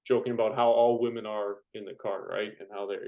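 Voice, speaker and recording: A man's voice: fairly low pitch, level tone, fairly quick, narrow, tinny audio. A young man, a firefighter guest on a podcast, telling jokey stories and acting out quotes. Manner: joking storyteller, acts out quotes. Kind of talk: casual conversation.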